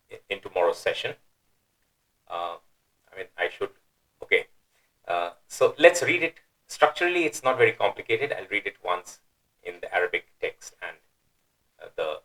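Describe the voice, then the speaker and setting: A man's voice: fairly low pitch, fairly bright tone, low-quality recording. Man teaching a Quran translation lesson. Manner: explains step by step, pausing with fillers and restarts; recites Arabic verse quickly.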